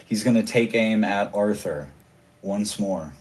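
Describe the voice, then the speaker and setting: A man's voice: fairly low pitch, a little slow, background noise. A man narrating a tabletop role-playing game as game master, casual and playful, often chuckling.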